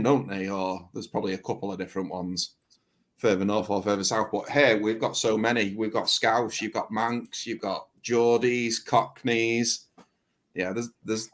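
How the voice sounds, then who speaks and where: A man's voice: lowish voice, fairly bright tone. Easygoing northern English man. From England. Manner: easygoing, plain-spoken, explains patiently. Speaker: guest YouTuber on a livestream. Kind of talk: casual chat.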